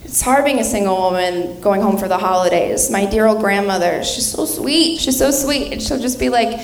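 A young woman doing stand-up comedy on a club stage, delivering dark punchlines deadpan with chatty fillers. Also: medium pitch, moderate pace, few pauses, slight background noise. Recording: echoey club, audience laughing. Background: crowd laughter.

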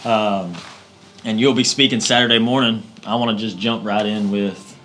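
A man's voice: lowish voice, fairly even intonation, moderate pace, a bit bright, a little hiss or hum. A man hosting a church interview, introducing it and asking questions in an upbeat, enthusiastic way.

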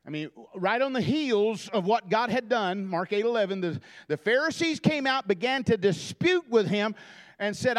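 A man's voice: high-pitched, animated, normal speed. A man, preaching a fervent sermon as a guest preacher in a church. He repeats phrases and stammers through restarts as he builds his points. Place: church sanctuary.

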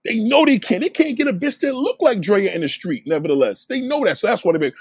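Male channel host, heated live rant, swearing, mocking, husky voice with a lively swinging delivery, dry sound. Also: fairly quick, few pauses, no room sound. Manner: profane, mocking ranting; animated, swinging pitch. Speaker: channel host reacting to viewers.

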